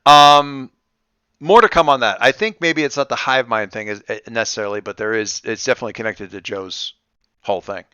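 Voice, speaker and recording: A man runs a tabletop game in a bright, crisp voice. He thinks out loud and stops and restarts often. The sound is dry and close. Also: medium pitch, no echo. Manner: halting, with many restarts and fillers. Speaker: game master.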